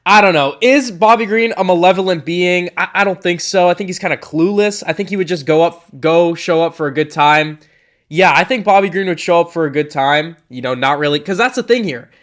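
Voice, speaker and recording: Rambling, jokey young man, higher voice. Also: expressive, moderate pace, a bit bright. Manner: rambling, jokey, self-interrupting. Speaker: commentator. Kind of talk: casual tier-list commentary.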